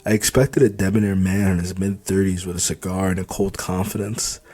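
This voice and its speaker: A man reading his own novel aloud as audiobook narration, in steady first-person storytelling. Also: sits low, brisk, breathy edge.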